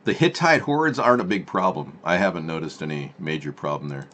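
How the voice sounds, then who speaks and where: A man's voice: low voice, animated, brisk, fairly bright tone. A man hosting a political live stream from home, rambling with sarcastic asides and answering chat.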